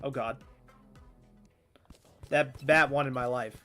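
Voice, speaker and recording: A hoarse man in his twenties chatting casually while playing a game, rambling with stammered restarts and frequent swearing. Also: medium pitch, steady tone, takes it slowly, bright, forceful tone, faint music behind. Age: 20s. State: hoarse, strained voice. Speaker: gaming streamer.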